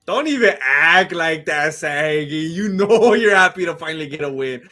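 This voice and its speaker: High-voiced excitable man reacting to a fight, teasing and laughing. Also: unhurried. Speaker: live stream host. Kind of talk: live fight reaction commentary.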